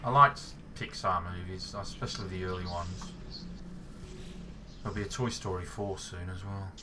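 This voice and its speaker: A man's voice: low-pitched, moderate pace. Australian man telling rambling stories. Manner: rambling anecdotes, laughing, mimics voices in stories. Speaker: gaming channel host. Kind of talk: casual chat while gaming. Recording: distant mic with noticeable background noise.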